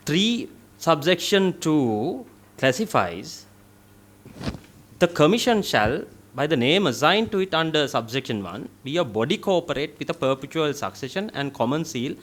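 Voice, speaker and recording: A middle-aged man with a Sri Lankan English accent, testifying as a legal officer before a parliamentary committee, reading constitutional clauses in a deliberate, formal way. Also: fairly high pitch, animated, a bit bright. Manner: deliberate, formal, reads clauses aloud with stressed words.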